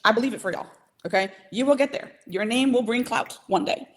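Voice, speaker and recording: A woman giving a live training to small business owners, talking directly and emphatically, and checking in often with "okay?" and "right?". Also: a little high. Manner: emphatic, coaching, keeps asking "okay?" and "right?"; direct and motivational, speeds up and slows down.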